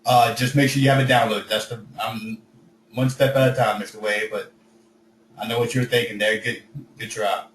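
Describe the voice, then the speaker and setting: A man teaching an online coding class in a relaxed, chatty, jokey way, his voice starting to go hoarse. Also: mid-range voice, normal speed, reverberant, recorded from a distance, a little hiss or hum, low-quality recording. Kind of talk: casual teaching over video call.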